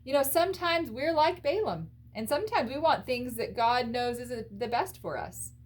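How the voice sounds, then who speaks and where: With a voice that sits high and a normal speaking speed, a woman leads a Bible lesson for children. She tells the story expressively and with plenty of animation, putting questions to her listeners.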